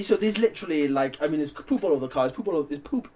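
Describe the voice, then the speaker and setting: A man's voice: a little high, animated, dark tone. A man co-hosting a casual film review chat, chiming in with frequent agreeing fillers. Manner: rapid, full of fillers like yeah yeah. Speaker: podcast co-host.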